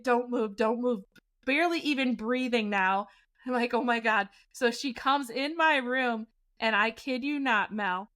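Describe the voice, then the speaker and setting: High-voiced animated woman storyteller. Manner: animated, laughing while telling a scary story. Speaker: podcast co-host. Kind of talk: casual storytelling.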